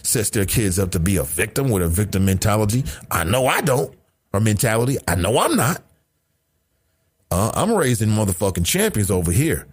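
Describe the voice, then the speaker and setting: A man's voice: medium pitch, sing-song, normal speed. A middle-aged man delivers a solo commentary monologue with a voice that swings widely up and down. He sounds indignant and blunt, swears freely, and keeps hitting the listener with rhetorical questions. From United States. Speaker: podcast host.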